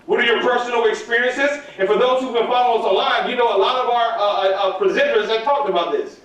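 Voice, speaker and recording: A man giving a lively storytelling talk to a live student audience and calling out for their answers. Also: very high voice, fast, dull audio. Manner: animated, calls for audience answers. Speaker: motivational speaker at student workshop. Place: large hall at a live event. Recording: echoey hall from far off.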